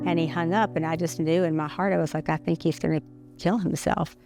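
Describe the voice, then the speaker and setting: A middle-aged woman telling a personal story as an interview guest, halting and often pausing to restart her sentences. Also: low voice, fairly even intonation, creaky. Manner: halting, many pauses and restarts. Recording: music playing underneath.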